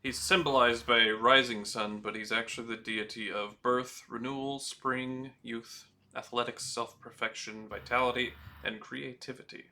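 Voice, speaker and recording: A man running a tabletop game as game master, describing scenes in an unhurried way with fillers. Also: mid-range voice, steady tone, pushed and bright.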